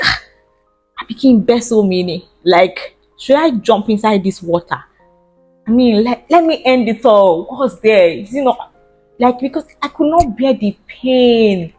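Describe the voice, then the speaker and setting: Animated Nigerian woman telling a story. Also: medium pitch. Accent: Nigerian English. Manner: animated, laughing often, mixes Nigerian Pidgin slang. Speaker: vlogger. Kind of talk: casual storytelling.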